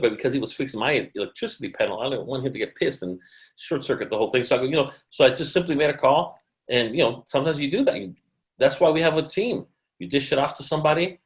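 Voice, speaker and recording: A man's voice: medium pitch, low-quality recording. A man presenting to his team on a video call, acting out conversations with clients. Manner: fast, animated, acts out conversations. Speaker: mortgage loan officer presenting to a team. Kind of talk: online team meeting presentation.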